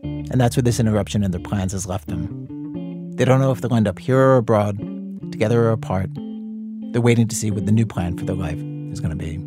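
A man hosting a radio documentary show, delivering scripted narration in a measured, dry, conversational way. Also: fairly low pitch, over loud music.

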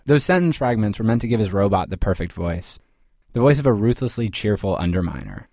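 A man narrating a scripted radio story with a wry, crisp delivery. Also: lowish voice, big pitch swings, a little fast, a little mellow, no echo, studio quality. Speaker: podcast host reporter.

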